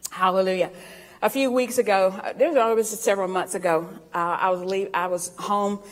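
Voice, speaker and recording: A woman's voice: mid-range voice, steady tone, brisk, long reverb tail. A woman preaching a sermon in a folksy storytelling way, laughing often and drawing out scripture readings.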